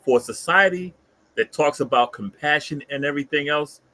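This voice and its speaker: A man in his fifties with a Bronx New York accent, co-hosting a casual chat and telling stories in an animated way, full of street slang. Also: on the high side, normal speed. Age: 50s. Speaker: co-host.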